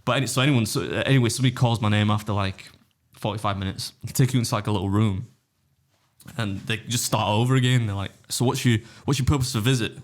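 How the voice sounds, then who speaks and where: A man's voice: on the low side, fast talker. A man on a podcast, telling an anecdote in casual chat, acting out the dialogue, laughing often and swearing freely. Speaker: podcast guest.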